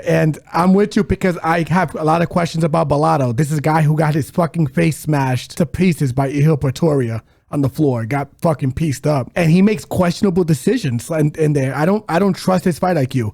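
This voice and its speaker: A man's voice: fairly high pitch, brisk, vocal fry, hardly any pauses, a little mellow. A man co-hosting a podcast, bluntly giving casual fight analysis with frequent swearing. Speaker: podcast co-host. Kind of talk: casual sports betting chat.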